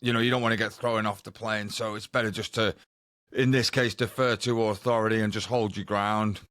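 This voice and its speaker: A man's voice: on the low side, little pitch movement, brisk, a bit bright, no echo, studio quality. A man co-hosting a podcast, telling a rambling anecdote in casual chat. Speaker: podcast co-host.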